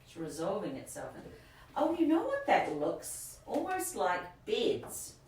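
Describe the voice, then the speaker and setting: A woman co-hosting a live ghost hunt in an old inn, excitable and quick to exclaim at what she finds. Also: mid-range voice. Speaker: ghost hunting co-host. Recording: echoey room, voice from far off, faint hiss.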